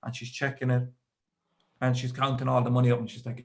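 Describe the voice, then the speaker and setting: A young Irish man doing stand-up comedy, his voice of middle pitch. He tells a long personal story in a rambling, self-deprecating way and drops deadpan asides between the details. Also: fast. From Ireland. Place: live comedy show with audience.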